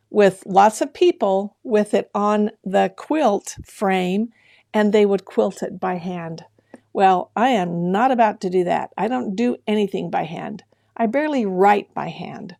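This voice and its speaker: A middle-aged woman hosting a sewing livestream in a relaxed, chatty way. She greets viewers by name and laughs often. Her voice is mellow and carries a gravelly fry. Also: mid-range voice, slow. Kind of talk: casual live-stream chat with viewers.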